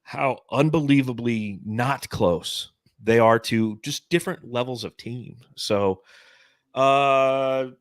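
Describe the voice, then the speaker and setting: A man's voice: medium pitch, slow pace, dry recording, clean studio sound. A man hosting a casual sports podcast, exasperated and ranting about his team. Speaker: podcast host.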